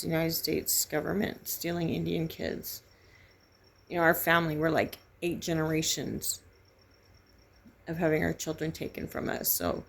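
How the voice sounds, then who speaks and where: Middle-aged woman, low raspy vlogger voice, halting and grief-stricken as she shares her story. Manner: halting, grieving, emotionally raw. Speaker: vlogger sharing a personal story. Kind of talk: candid personal testimony.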